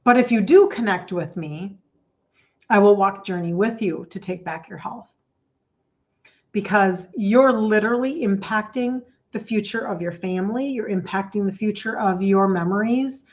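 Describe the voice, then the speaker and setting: A woman's voice: mid-range voice, moderate pace, dull audio. Middle-aged woman coaching emphatically. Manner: emphatic and repetitive, addresses viewers by name. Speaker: health coach host. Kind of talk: emotional livestream talk.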